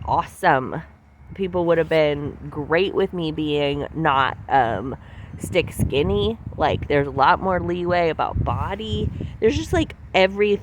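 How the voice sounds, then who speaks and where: Chatty woman podcaster, candid and animated. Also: deep voice. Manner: candid, chatty, heavy use of "like". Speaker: podcast host. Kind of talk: casual reflective monologue.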